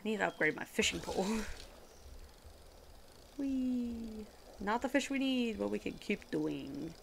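Giggly chatty woman with vocal fry. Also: medium pitch, animated, a little fast, slight background noise. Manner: chatty, giggly, slips into a put-on accent-like voice; talks to chat and other players while playing. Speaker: streamer. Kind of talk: casual live gaming chat.

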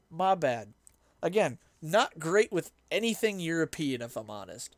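Dry, slightly high-voiced male streamer. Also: big pitch swings, no echo. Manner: chatty and rambling, quick to laugh at himself. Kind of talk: casual chat while gaming and reading chat.

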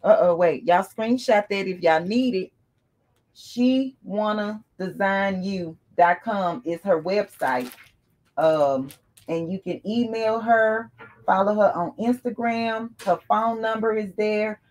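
A woman hosts a casual unboxing vlog, speaking at an unhurried pace with a mid-range voice. She chats warmly to her viewers, calling them y'all and bursting into excited exclamations. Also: medium pitch. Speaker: YouTuber unboxing gifts.

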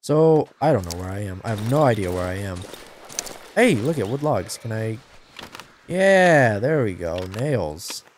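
A man's voice: lowish voice, big pitch swings, a little slow, a little hiss or hum. Jumpy swearing man playing a horror game. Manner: jumpy, swears and screams when startled. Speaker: gameplay commentator. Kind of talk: horror game let's play commentary.

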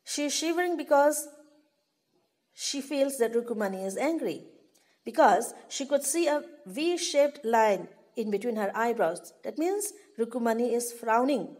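A woman's voice: a little high, expressive, unhurried, darkish tone. A woman teacher, reading a story aloud and explaining it to pupils, often repeating herself. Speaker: English teacher.

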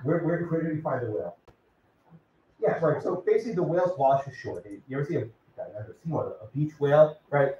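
Lively male professor in an echoey classroom. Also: fairly high pitch, brisk, slight background noise. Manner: lively, casual, calls on students by name. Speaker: law professor. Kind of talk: classroom lecture with questions to students. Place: lecture classroom. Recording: distant, echoey, dull classroom recording.

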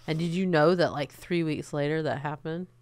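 Brief: joking woman co-host, quick asides, low smooth voice. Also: steady tone, darkish tone, no echo, clean studio sound. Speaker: podcast co-host. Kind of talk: casual chat.

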